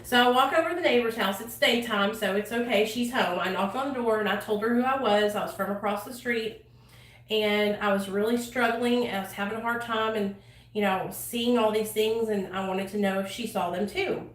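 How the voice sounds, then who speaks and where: Speaking casually to camera at a moderate pace, a channel host recounts her own recovery in a mid-range voice. She's blunt, swears freely and leans on fillers; the room echoes and she sits a bit far from the microphone.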